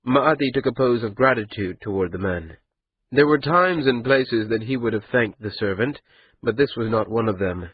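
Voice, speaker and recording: Husky male narrator for a fantasy audiobook, mid pitch, muffled recording. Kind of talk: scripted narration.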